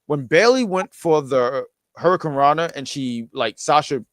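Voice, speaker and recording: A man's voice: a little high, animated, normal speed, dry recording. Enthusiastic man hosting a podcast, dry sound. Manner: enthusiastic, stumbling restarts. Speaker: podcast host. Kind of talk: casual chat.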